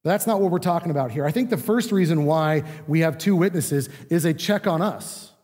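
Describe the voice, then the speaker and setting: Pastor guy preaching, kinda high voice, chatty teaching style, big echoey church. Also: brisk, darkish tone. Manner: conversational teaching, acting out quoted speech. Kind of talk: sermon. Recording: long reverb of a large room.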